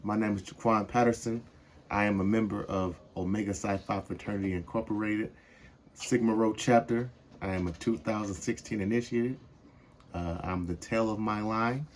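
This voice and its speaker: A young man reading a picture book aloud to children in a measured, expressive way. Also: lowish voice, slight background noise. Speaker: storybook reader.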